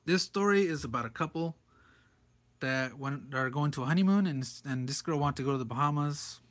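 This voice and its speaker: Speaking briskly in a mid-range, slightly bright voice, a man rambles through a comic book page after page. He laughs often, keeping the commentary casual.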